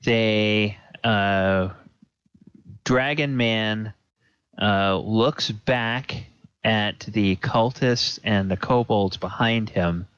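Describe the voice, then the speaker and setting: A man narrating as dungeon master of a tabletop game, slow and halting with plenty of fillers, over a home computer mic in an online session. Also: on the low side, fairly bright tone, clean tone, no room sound. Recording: dull, dry lo-fi audio.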